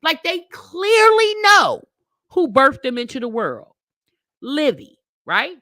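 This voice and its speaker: A woman hosting a reaction video, commenting on a played clip in a sassy, mocking way with loud outbursts. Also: sits high, very animated, slow pace, dry recording, studio quality.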